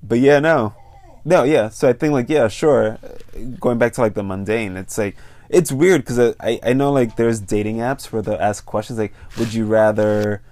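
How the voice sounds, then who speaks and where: A man's voice: mid-range voice, moderate pace, a little mellow. A man co-hosting a casual chat, full of fillers, trailing off and swearing casually. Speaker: podcast co-host.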